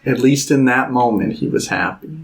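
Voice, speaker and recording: A man co-hosting a podcast, chatting casually about films, acting out scenes in high voices and laughing often. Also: moderate pace. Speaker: podcast co-host. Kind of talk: casual film chat.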